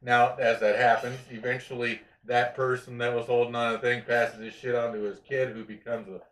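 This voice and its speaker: A man's voice: medium pitch, little pitch movement, a little fast, a bit bright. A man co-hosting a live-streamed podcast, rambling and mocking himself as he chats. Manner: rambling, joking, self-mocking. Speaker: podcast co-host. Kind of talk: casual chat. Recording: echoey room, mic far off.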